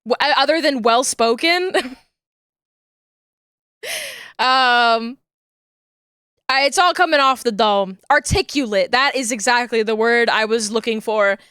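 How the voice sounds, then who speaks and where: A woman's voice: a little high, a little slow, pauses often, fairly bright tone, clean tone, no room sound, clean studio sound. A woman streamer chatting casually with her viewers, rambling, giggling often and searching for words.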